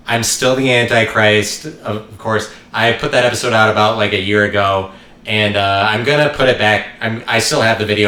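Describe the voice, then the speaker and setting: A man's voice: on the low side, sharp tone, echoey room. A man hosting his own podcast, talking alone in a rambling, joking, irreverent way and swearing now and then. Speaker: podcast host. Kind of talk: rambling solo podcast monologue.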